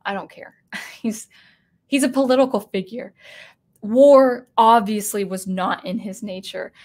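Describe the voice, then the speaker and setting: Woman, commentary host, slightly high voice, animated, acts out quotes. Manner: animated, acts out quoted lines, frequent restarts. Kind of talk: casual spoken commentary.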